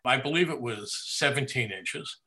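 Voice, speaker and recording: Older guy reminiscing in an interview, bright tense voice, chuckles at his own stories. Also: mid-range voice, moderate pace. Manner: animated storyteller who laughs at his own stories. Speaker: interview guest.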